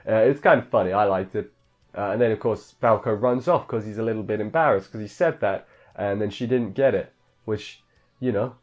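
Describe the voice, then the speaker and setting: A man's voice: fairly low pitch, darkish tone. Casual male reviewer, offhand and chatty, dull lo-fi mic sound. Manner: rambling, offhand, filler-heavy, mimics characters in quotes. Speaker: anime reviewer. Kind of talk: casual episode recap.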